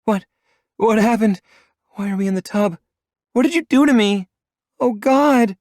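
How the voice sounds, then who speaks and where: A man's voice: fairly high pitch, moderate pace, gravelly, husky, no room sound, studio quality, voice pushed up. A male narrator voicing a frightened, timid young woman who speaks in a trembling, pleading voice in an audiobook. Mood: panicked.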